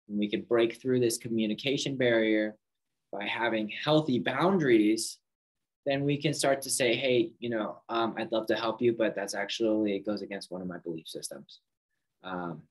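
A man's voice: mid-range voice, poor audio. A man giving an earnest, casual talk on relationships, often acting out both sides of a conversation with fillers and restarts. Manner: earnest, acts out dialogue in quotes, many fillers. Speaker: self-help speaker.

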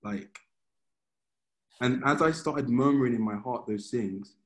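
A man with a mid-pitched, everyday voice gives an informal sermon. He talks as if chatting with friends and tells stories in a loose, storytelling way. He often stops and restarts a phrase before carrying on. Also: normal speed, poor audio. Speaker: preacher. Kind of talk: conversational sermon.

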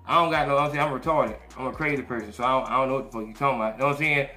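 A man hosting a podcast who tells stories in casual, profane, animated talk and acts out what others said. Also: mid-range voice, rapid-fire. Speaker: podcast host. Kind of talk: casual storytelling chat. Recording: echoey room, faint music.

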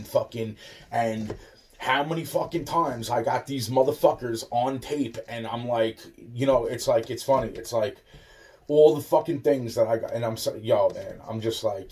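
A man's voice: medium pitch, a little slow, a little mellow. A man ranting about his troubles in a loose, profane way, full of fillers and restarts. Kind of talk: rambling personal rant. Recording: voice a bit far from the mic.

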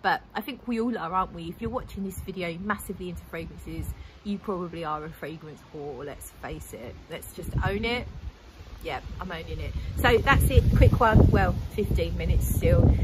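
A woman's voice: lowish voice, very noisy. Chatty woman in her forties. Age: 40s. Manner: chatty, rambling, enthusiastic. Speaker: fragrance vlogger. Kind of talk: casual chat.

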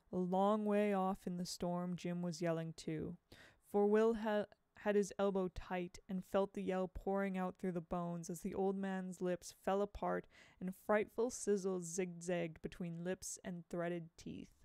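A woman reading a novel aloud as an audiobook, in a dramatic, expressive way. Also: medium pitch, clear, resonant tone, dry recording, studio quality. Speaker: audiobook reader.

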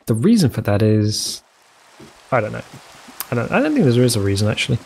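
A man's voice: lowish voice, sing-song, fast talker, a little mellow, a little hiss or hum, poor audio. A man giving casual gameplay commentary, thinking aloud, counting blocks and making self-mocking asides. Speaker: let's play host.

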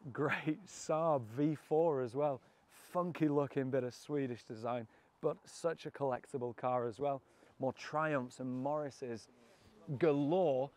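A man's voice: medium pitch, fairly even intonation, slow pace, a little mellow. A British man presenting a walkaround of a classic car auction, enthusiastic, cheeky and full of jokes. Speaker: car vlogger.

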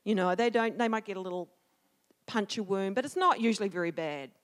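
A woman telling a personal story in a sermon, animated, acting out the shouts and quoted words of the people in it. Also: medium pitch, brisk. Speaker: church speaker. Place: church sanctuary. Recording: long hall reverb.

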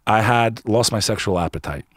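A man's voice: fairly low pitch, fairly quick, a bit bright, dry recording, clean studio sound. A man guest on a podcast, telling a personal story in an emphatic, earnest, casual way, often saying "bro". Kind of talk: candid conversational storytelling.

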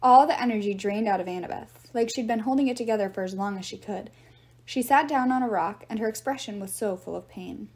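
A woman reading a novel aloud in steady storytelling narration. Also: medium pitch, fairly quick. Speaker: reader.

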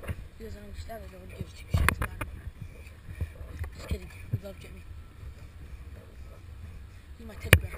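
A man's voice: sits high, little pitch movement, normal speed, pauses often. Foul-mouthed guy far from the mic. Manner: crude, swearing, teasing. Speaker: vlogger filming friends. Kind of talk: casual joking commentary. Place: outdoors by water. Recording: distant camera audio, loud boat noise.

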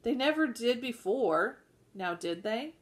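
Sensible farm wife, middle-aged, eager and firm, as a woman reader voices her, slow delivery. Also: fairly high pitch, lively intonation, pitched above the performer's own voice. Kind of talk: audiobook reading.

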